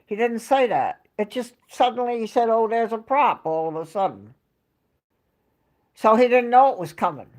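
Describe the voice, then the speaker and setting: A woman's voice: fairly high pitch, expressive, normal speed, a little mellow. Woman livestream host at home, rambling chatty storyteller, answers her viewers. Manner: rambling, chatty storytelling, reading out chat names. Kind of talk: casual livestream chat.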